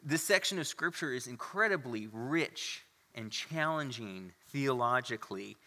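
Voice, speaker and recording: Male pastor, casual sermon delivery with fillers, bright tone, reverberant sanctuary. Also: mid-range voice. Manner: conversational preaching with fillers and restarts, reads scripture aloud. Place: church sanctuary. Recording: long reverb of a church hall.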